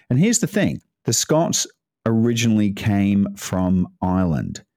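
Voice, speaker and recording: A man hosting, chatting casually before reading a poem aloud in plain English at a measured pace. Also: low voice, a little mellow, dry recording, clean studio sound. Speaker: host.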